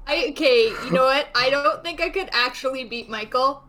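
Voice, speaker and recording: A woman's voice: high voice, moderate pace, bright, forceful tone. A woman co-hosting a podcast, playful and self-mocking, tired from little sleep. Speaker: podcast co-host.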